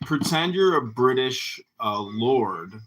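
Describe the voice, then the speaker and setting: A man's voice: mid-range voice, very animated, slow, a little hiss or hum. A man hosting a casual podcast chat, teasing his co-hosts and directing them into voice games.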